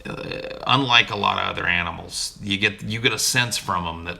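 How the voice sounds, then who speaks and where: A man's voice: sits low, moderate pace, creaky, hardly any pauses, sharp tone. A man chatting casually with his stream audience, laid-back and profane, often calling people dude. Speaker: streamer answering chat. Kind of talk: casual chat. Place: home recording room.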